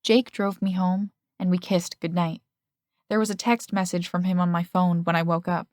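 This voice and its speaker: Woman narrating an audiobook, low and dry. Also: little pitch movement, normal speed, a little mellow, dry recording. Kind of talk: first-person audiobook narration.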